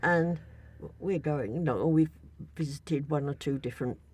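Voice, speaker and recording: A woman's voice: sits low, a little slow, darkish tone, breathy edge. An older woman, a podcast guest, tells a travel story in a rambling, hesitant way, full of restarts and fillers. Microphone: studio mic.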